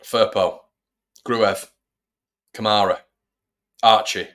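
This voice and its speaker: A man's voice: fairly low pitch, fairly even intonation, takes it slowly, a bit bright. A man hosting a football fan watch-along, giving chatty live commentary and talking to his viewers. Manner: chatty, addresses viewers as everybody. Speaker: fan channel host.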